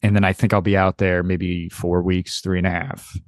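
A man's voice: low voice, flat delivery, moderate pace, no room sound, studio quality. A young American man hosting a podcast, chatting casually, sarcastic and swearing freely. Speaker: podcast host. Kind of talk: casual chat.

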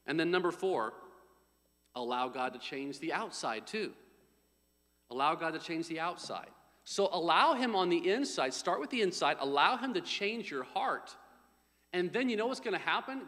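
A man preaching with a high, bright voice that rings out across a large reverberant hall. He drives his points home by repeating key phrases and softens into hushed tones when voicing prayers. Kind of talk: sermon.

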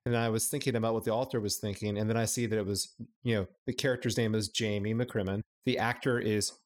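A man's voice: on the low side, steady tone, fast talker. A man co-hosting a podcast in casual chat, thinking aloud and rambling with restarts. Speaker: podcast co-host.

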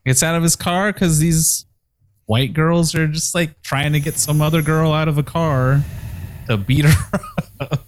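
A man co-hosting a casual podcast chat, relaxed and laughing as he explains. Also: fairly high pitch, measured pace. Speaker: co-host.

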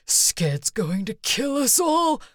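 A woman voicing a wounded oily man who wheezes out slow, desperate warnings in an audiobook. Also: mid-range voice, lively intonation, no echo, clean studio sound, pitched above the performer's own voice.

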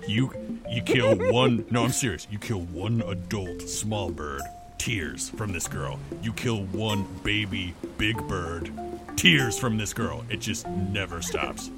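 Very deep-voiced player, animated and jokey, over loud music. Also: male voice, takes it slowly. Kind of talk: casual joking banter.

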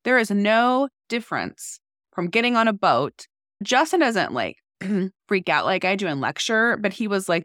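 A woman in her forties co-hosts a podcast and chats casually. Her voice sits low but swings widely as she tells a story and acts out the people in it. The sound is close and dry. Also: fairly quick, dry recording. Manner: animated storytelling, acting out quotes. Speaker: podcast co-host. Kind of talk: casual chat.

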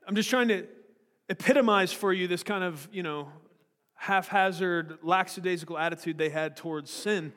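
A man preaches a sermon with a slightly high voice, blunt and confrontational, breaking in with jokes. His voice carries a long echo through a large church sanctuary. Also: moderate pace, a bit bright. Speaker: pastor.

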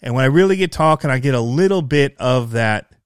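A man's voice: mid-range voice, expressive, fairly quick, clean tone, no room sound, clean studio sound. A man with a slight Southern US accent chatting casually about his hobby videos, rambling and self-deprecating, often laughing. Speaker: YouTube hobby creator. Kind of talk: casual chat.

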